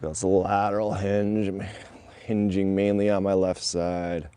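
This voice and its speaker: A man in his forties leading a guided stretching class, calmly cueing each movement step by step. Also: low voice, a little slow, a little hiss or hum. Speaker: movement instructor.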